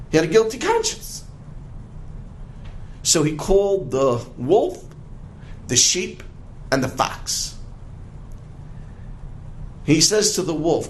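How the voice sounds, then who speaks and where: Animated rabbi telling a parable. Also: male voice, a little high, slow, pauses often, a little hiss or hum. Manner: dramatic, emphatic narration. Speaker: rabbi teaching a class.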